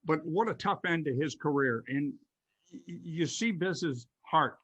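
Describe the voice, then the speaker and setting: A man's voice: on the high side, unhurried, a bit bright, slightly rough, muffled recording. A man hosting a podcast, asking questions in a casual, conversational way with frequent short agreements. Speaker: podcast host. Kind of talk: casual interview.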